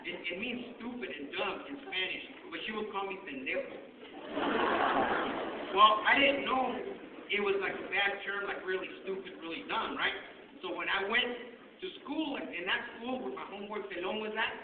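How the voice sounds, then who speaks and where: A man's voice: high voice, moderate pace. A man telling humorous stories as a guest speaker, mixing Spanish slang into his talk. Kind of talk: humorous personal storytelling. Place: school hall. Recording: far-off, echoey, tinny with noise.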